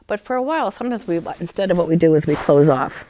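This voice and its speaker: A woman giving a conversational talk about emotional healing. She speaks with many fillers and restarts, and she sometimes acts out a crying child in a high shout. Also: lively intonation, quick pace, muffled recording. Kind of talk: talk to a small group.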